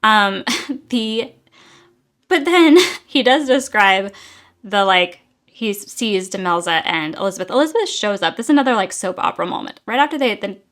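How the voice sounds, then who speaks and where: A woman's voice: mid-range voice, expressive, moderate pace, a bit bright. Exasperated chatty young woman reviewing a book. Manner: chatty, exasperated, many fillers. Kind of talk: casual book review rant.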